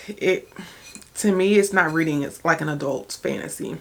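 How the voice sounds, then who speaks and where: A young woman with a low-sitting voice chats casually at a moderate pace in her book vlog. She rambles with many restarts and fillers, and sometimes she talks while eating.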